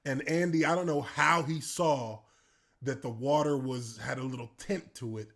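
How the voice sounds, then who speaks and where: A man's voice: medium pitch, moderate pace, fairly bright tone. A man in his thirties, a former pro football player, telling stories casually and animatedly, laughing and acting out scenes. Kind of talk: casual storytelling.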